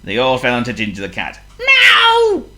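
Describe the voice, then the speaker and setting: Brief: very low-voiced woman storyteller, bright tone, wildly lively delivery, playful questions to the listener. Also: moderate pace, soft background music. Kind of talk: children's storybook reading.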